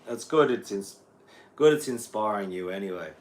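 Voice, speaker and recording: A man's voice: on the low side, expressive, moderate pace. An Australian man, a guitar teacher, rambling casually on a livestream and answering viewers' chat. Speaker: guitar teacher streaming live.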